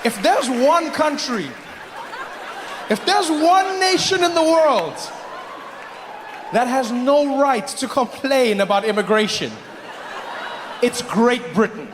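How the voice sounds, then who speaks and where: A man from Africa doing stand-up comedy, animated and mocking as he builds to each punchline. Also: extremely high pitch, slow pace, pauses often, crowd noise, background noise. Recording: live hall with audience.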